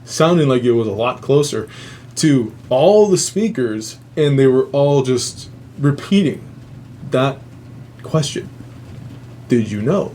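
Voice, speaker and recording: A man's voice: mid-range voice, animated, slow pace, warm tone, slight background noise. A man hosting a show, casually retelling a family ghost story, swearing freely and rambling with many fillers. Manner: profane, rambling, laughs at own jokes. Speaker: host.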